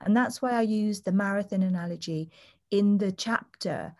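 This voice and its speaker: A woman speaks as a doula guest on an interview podcast. She explains things earnestly, telling stories from her work and briefly acting out what other people said. Her voice sits at an ordinary middle pitch. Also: normal speed, darkish tone. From United Kingdom.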